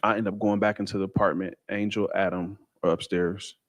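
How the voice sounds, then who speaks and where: A man telling a personal story in a casual, halting way with many fillers and restarts. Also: low voice, level tone, dry recording. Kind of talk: casual first-person account.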